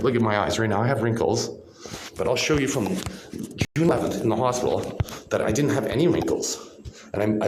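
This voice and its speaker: Profane rambling man, lowish voice. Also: darkish tone, echoey room, a little hiss or hum, low-quality recording. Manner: profane, rambling, insistent, keeps saying "right?". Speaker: vlogger. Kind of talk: rambling monologue to camera. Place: hospital room, indoors.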